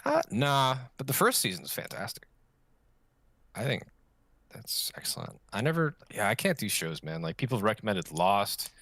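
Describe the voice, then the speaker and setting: Lively-voiced man chatting on a podcast. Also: fairly low pitch, normal speed, dry recording. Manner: rambling, joking, puts on silly voices. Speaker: podcast co-host. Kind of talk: casual chat. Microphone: online voice call.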